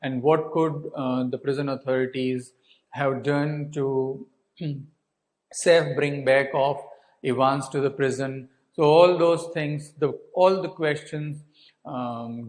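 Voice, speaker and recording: A man teaching a class on a story chapter, explaining slowly with many hesitations and acting out quoted lines. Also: mid-range voice, rough recording.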